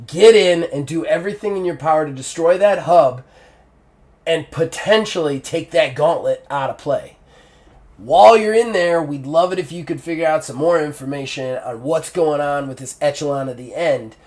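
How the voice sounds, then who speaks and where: A man voicing a gruff, weary male commander giving blunt, urgent orders in a live-play tabletop game. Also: a little high, moderate pace, darkish tone, lightly acted.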